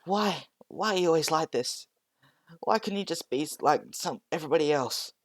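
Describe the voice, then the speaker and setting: A man voicing a timid young boy with a high, pleading, tearful voice. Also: lively intonation, normal speed, close to an everyday voice. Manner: pleading, sobbing, high strained cries.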